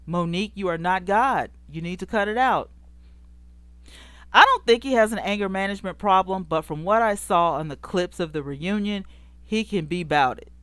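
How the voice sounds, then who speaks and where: A woman hosting a casual celebrity gossip show, greeting live chat viewers and scolding the people she talks about in a sassy, animated way, laughing often. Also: mid-range voice, moderate pace, no room sound. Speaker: show host.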